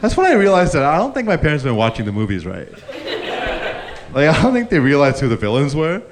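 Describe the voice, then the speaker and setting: With a crowd audible behind him, a man whose voice is a little high talks fast through a live comedy set. He grew up Indian and tells his stories with animation, acting out the characters while the audience laughs.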